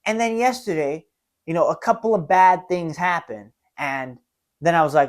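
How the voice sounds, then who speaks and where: A man's voice: on the high side, moderate pace. A man of twenty hosting a solo podcast, talking earnestly and self-reflectively, often tagging his thoughts with "right?". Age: 20s. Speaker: podcast host. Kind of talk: solo confessional monologue.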